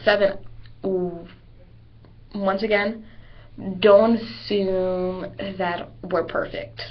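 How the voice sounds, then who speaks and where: A woman's voice: medium pitch, fairly even intonation, drawn-out words. A teenage girl who is a cheerleader, talking casually to her webcam in a rambling way, repeating herself and acting out what other people say. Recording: dull lo-fi webcam audio.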